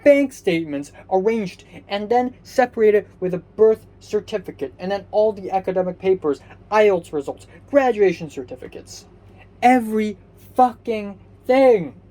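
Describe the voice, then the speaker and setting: A young man from Hong Kong, a vlogger, delivers a cursing rant that is angry and sleepy at once, full of restarts and rambling. His voice sits high and is expressive and mellow, moving a little slowly.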